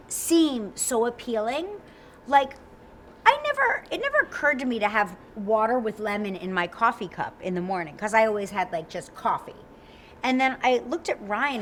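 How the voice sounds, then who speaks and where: A woman in her forties co-hosting a talk show, telling stories in a bubbly, rapid way full of fillers. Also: a little high, a bit bright, a little hiss or hum. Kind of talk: animated interview chat.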